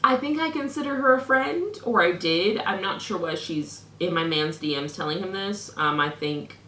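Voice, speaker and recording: A woman's voice: on the low side, normal speed, bright, forceful tone, echoey room, a little hiss or hum. A young woman vlogger reading out messages with sarcastic, mock-indignant commentary.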